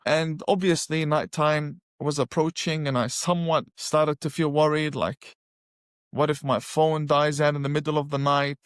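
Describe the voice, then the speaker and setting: A man telling his personal testimony in an animated storytelling way, repeating phrases for emphasis. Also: on the high side, no echo, studio quality. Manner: animated, acts out his own past reactions; emphatic repetition. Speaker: guest sharing a conversion testimony.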